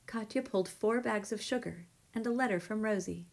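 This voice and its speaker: A woman reading a children's picture book aloud with gentle, measured storytelling. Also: medium pitch, creaky.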